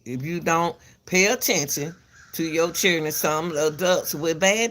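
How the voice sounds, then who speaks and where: With a low, unhurried, somewhat bright voice and slight background noise, a commentary channel host addresses the camera casually. She lectures parents with emphatic repetition, addresses viewers as "baby", and often stumbles before restarting her words.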